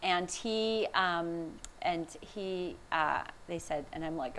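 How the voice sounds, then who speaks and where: A woman's voice: on the low side, takes it slowly, hardly any pauses, rough recording. Woman giving an anecdotal conference talk. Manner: warm anecdotal, laughs often, quoting others. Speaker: speaker, researcher on empathy. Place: conference room.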